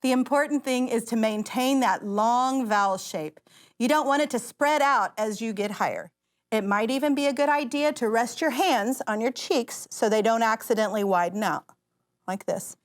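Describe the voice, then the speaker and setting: A woman vocal coach gives an encouraging voice lesson, guiding singers through exercises while loud piano music plays behind her. Her pitch is fairly high and she talks at a normal speed.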